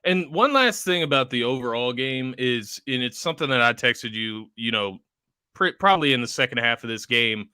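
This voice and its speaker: A man's voice: mid-range voice, lively intonation, normal speed, sharp tone, clean tone, no echo, clean studio sound. A young man co-hosting a casual sports talk show, laid-back and agreeable, often laughing. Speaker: podcast co-host.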